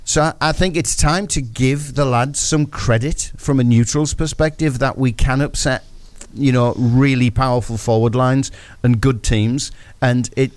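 Animated football pundit. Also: male voice, mid-range voice, dry recording. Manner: storytelling, acts out his own thoughts. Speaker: football pundit on a breakfast show. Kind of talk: animated radio match recap.

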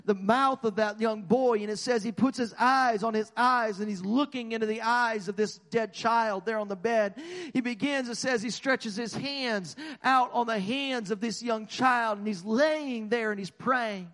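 A passionate male preacher retelling a story in a sermon, his voice high and stumbling over repeated words as it builds. The sound trails off in a long church echo. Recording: long hall reverb.

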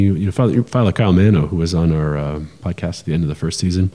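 A man with a deep, mellow voice talks through ideas in a relaxed podcast conversation. He is animated and explanatory, often restarting phrases and filling pauses. The sound carries a long, hall-like reverb. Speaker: podcast co-host. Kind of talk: casual conversational podcast talk.

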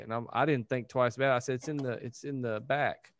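Smooth-voiced man spinning a yarn. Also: medium pitch, fairly even intonation, a little fast, fairly bright tone, no room sound. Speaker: paramotor pilot. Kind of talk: casual group chat.

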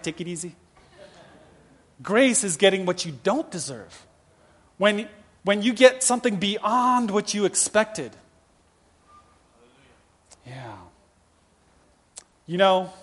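A male pastor in his fifties preaching a sermon with lively, humorous storytelling. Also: high voice. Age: 50s.

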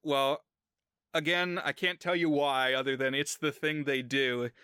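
A man's voice: mid-range voice, fairly even intonation, unhurried, bright, forceful tone, clean tone, no echo, clean studio sound. A man co-hosting a podcast in casual chat, retelling scenes from a comedy sketch. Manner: retells sketch scenes, briefly mimicking lines. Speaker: podcast co-host.

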